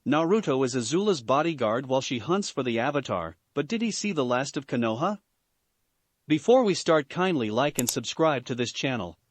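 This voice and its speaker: Lively man reading fan fiction. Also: on the high side, no room sound. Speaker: story channel narrator.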